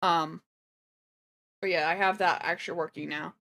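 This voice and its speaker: A woman's voice: fairly low pitch, fairly even intonation, normal speed, fairly bright tone. A woman livestreamer chatting casually, rambling and thinking aloud as she reacts to clips. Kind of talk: casual reaction stream chat.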